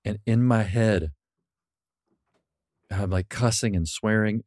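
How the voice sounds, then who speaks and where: A Southern US man with a very low voice tells animated stories on a podcast and laughs along as he goes. He speaks close to the mic. The room sound is dry. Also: takes it slowly, no room sound. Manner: animated storyteller, laughs through his stories. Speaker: podcast guest, author and comedian. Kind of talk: casual podcast chat.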